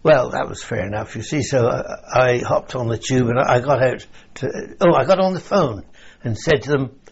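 An older Englishman, a veteran being interviewed for an oral history, rambles through his wartime memories, chuckling and saying "you see" along the way. His mid-range voice is gravelly with a breathy edge, moving at a moderate pace. It's a dull lo-fi recording.

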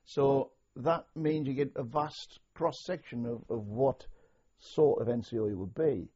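An older man from north-east England, an army veteran, recalling his service in a measured, anecdotal way for an oral history interview. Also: medium pitch, mellow, husky. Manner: measured, anecdotal, slow when quoting orders. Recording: dull lo-fi recording.

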